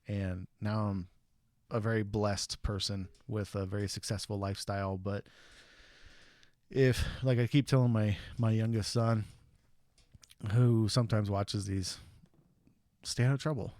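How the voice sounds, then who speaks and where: A guy in his thirties from the USA hosts a stream, casually telling old stories and acting out the quotes with different voices. His voice sits fairly low and moves at a measured pace with long pauses, and the mic is completely dry with no echo.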